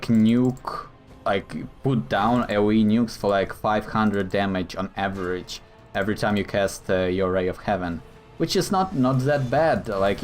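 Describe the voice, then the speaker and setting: Guy talking thru his game as he plays, kinda hesitant, explains stuff, lower voice. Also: a little hiss or hum. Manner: thinking aloud, explanatory, hesitant. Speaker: gameplay commentator. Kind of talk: live gameplay commentary.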